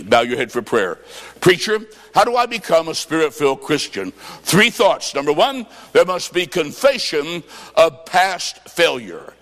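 A man preaching a revival sermon, telling a story with acted-out quotes and rising to shouts. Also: on the high side, very animated, measured pace, in a large hall. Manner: fervent, shouting at peaks, acts out quotes.

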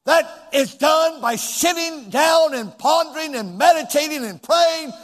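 Man preaching with call and response, really high voice, big church hall echo, gets shouty. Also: animated, measured pace. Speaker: pastor. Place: large church hall with two floors. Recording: long hall reverb.

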